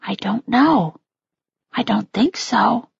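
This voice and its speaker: A woman voicing a tired, tender mother in whispered role-play, speaking in a soft, soothing hush. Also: a little high, slow pace, creaky, breathy edge, no echo, highs cut off, exaggerated voice. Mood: soothing, weary.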